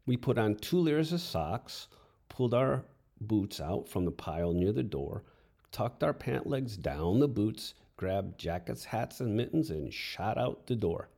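A man's voice: low-pitched, animated, measured pace, darkish tone, husky. A man telling a first-person story with wry, crude humor.

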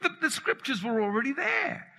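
A high-voiced man preaching with a bright, cutting edge to his tone. He swings from ringing shouts to hushed asides. His voice carries a long hall reverb. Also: big pitch swings, normal speed, vocal fry. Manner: fervent, emphatic preaching with sudden shouts and drops. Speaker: pastor. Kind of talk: sermon.

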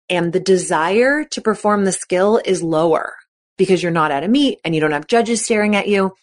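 A woman coaching on a podcast, talking in an encouraging, chatty way and acting out quoted thoughts. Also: on the low side. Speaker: gymnastics coach and podcast host. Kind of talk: podcast monologue.

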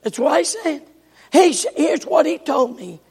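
A male pastor preaching a sermon, telling folksy stories with bursts of shouting, recorded in a church sanctuary. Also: very high voice, very animated, unhurried, gravelly. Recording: echoey church hall.

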